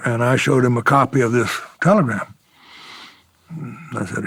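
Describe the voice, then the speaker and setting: Gravelly older man spinning war stories. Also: mid-range voice, moderate pace, a bit bright, dry recording. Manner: chuckling storyteller, acts out quoted exchanges. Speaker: retired fighter pilot telling war stories. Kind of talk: oral history interview.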